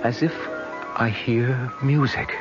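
A man's voice: medium pitch, fairly even intonation, slow pace, music in the background, natural voice. An actor playing a bewildered suitor in a 1970s radio drama, stammering and unsure as he speaks. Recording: dull old radio broadcast with hiss.

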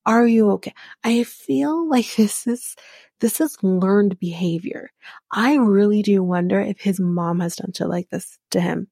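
A woman's voice: mid-range voice, unhurried, creaky, dark tone, dry recording, clean studio sound. A young adult woman hosting a casual podcast recap and commenting bluntly, with profanity and indignation. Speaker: podcast host.

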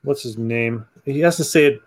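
A man's voice: medium pitch, moderate pace. A man hosting a comic book podcast, chatting casually, laughing often and acting out lines from comics. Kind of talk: casual chat.

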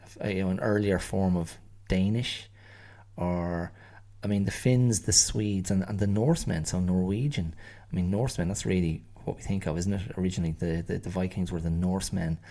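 A man's voice: low voice, brisk, mellow. A middle-aged Irish man hosting a solo podcast, musing in a rambling, wry way and often restarting his phrases. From Ireland. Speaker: podcast host.

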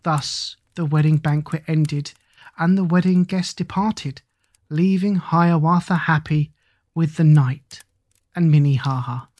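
An audiobook narrator reading epic verse in an even, rhythmic chanting cadence. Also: mid-range voice, unhurried, no echo.

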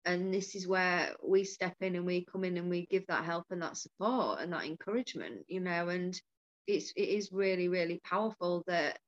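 A woman who hosts and coaches, talking candidly in casual conversation and telling stories with swearing and laughter. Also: on the low side. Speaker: podcast host and coach. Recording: dull lo-fi sound.

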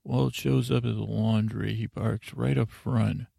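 A man's voice: lowish voice, fairly even intonation, a little slow, vocal fry, warm tone, husky, no echo, clean studio sound. A man hosting a bedtime podcast, recapping a show in a meandering, drowsy way with lots of filler words. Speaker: podcast host. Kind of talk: rambling bedtime episode recap.

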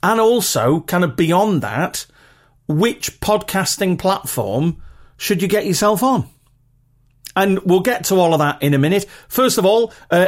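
A man's voice: sits high, animated, unhurried. A man with a regional British accent hosting a podcast in a chatty, rambling, self-deprecating way. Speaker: podcast host. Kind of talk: casual solo podcast talk.

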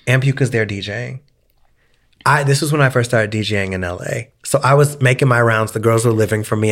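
Young man telling a dramatic story. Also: medium pitch. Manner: dramatic, profane, acts out quoted voices. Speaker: podcast co-host. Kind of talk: casual storytelling chat.

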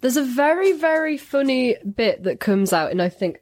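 A woman's voice: high-pitched, sing-song, normal speed, darkish tone, dry recording, studio quality. Thoughtful woman podcast co-host. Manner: thoughtful, hedging, agreeable. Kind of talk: casual chat.

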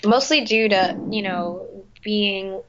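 A woman's voice: mid-range voice, takes it slowly, dull audio, a crowd in the background. A young woman chatting casually about her theater career, with lots of fillers and restarts. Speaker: guest, musical theater performer. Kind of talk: casual chat.

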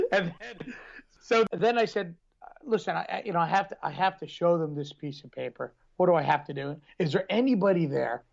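A man's voice: high-pitched, creaky, dull audio. A man co-hosting a podcast, telling rambling stories in casual chat and laughing often. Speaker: podcast co-host.

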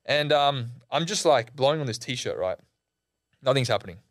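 Young Aussie guy, podcast guest: loose, slangy storyteller, middle pitch, dry booth sound. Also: normal speed, no echo. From Australia. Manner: animated, slangy, heavy on "like" and "bro". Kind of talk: casual storytelling.

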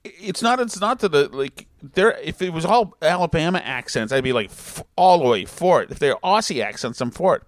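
A man's voice: fairly high pitch, animated, moderate pace, hardly any pauses, no room sound, studio quality. A man hosting a podcast, chatting casually and rambling through stories with many restarts. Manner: rambling, self-interrupting storyteller. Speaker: podcast host. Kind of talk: casual chat reading listener messages.

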